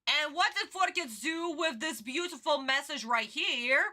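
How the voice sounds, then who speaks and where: A woman streamer giving casual livestream reaction commentary in an animated, exclamatory way, swearing freely. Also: high voice, a little slow.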